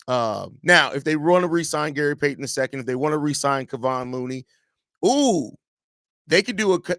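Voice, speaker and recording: A man's voice: a little high, no echo, clean studio sound. A man hosting a live podcast show, reading viewer comments aloud and teasing the people who sent them. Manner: animated, teasing, talks straight to viewers. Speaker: podcast host.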